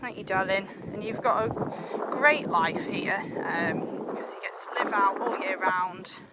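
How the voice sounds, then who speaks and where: A woman speaks in an unhurried way to a chest cam while riding through fields, with heavy background noise around her. She's a chatty farm vlogger who breaks into a high, sing-song coo for her animals.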